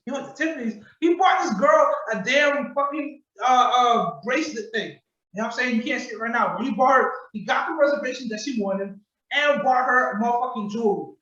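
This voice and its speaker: Male podcast host, high-pitched, slangy and animated, recorded distant in an echoey room over a video call. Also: fast, muffled recording. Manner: animated storytelling, acts out quotes, profane slang. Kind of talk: casual podcast commentary.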